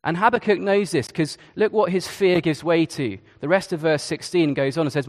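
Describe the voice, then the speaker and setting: A man's voice: fairly high pitch, normal speed, few pauses, darkish tone, in a large hall. A man preaching a sermon in a conversational way, with hesitations and asides. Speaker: Church of England preacher.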